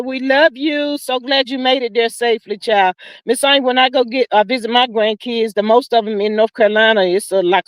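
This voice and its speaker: An older woman with a drawl chats to her livestream viewers in a high, lively voice. She is folksy and animated, calling everyone honey and child. The sound is close and dry, with no room around it. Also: no room sound. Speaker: livestream host. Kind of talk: casual livestream chat.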